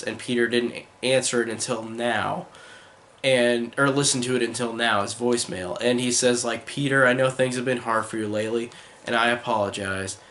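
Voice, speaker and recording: A man's voice: medium pitch, fairly bright tone. A man giving a casual spoken film review, enthusiastic and rambling, with many fillers like "like" and "um".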